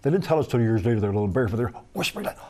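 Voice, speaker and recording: A man telling his life story as a guest in a studio interview, animated and quick to act out what others said. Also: mid-range voice. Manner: animated, acts out quoted voices, repeats words when excited. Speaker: guest sharing his testimony. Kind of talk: lively personal storytelling.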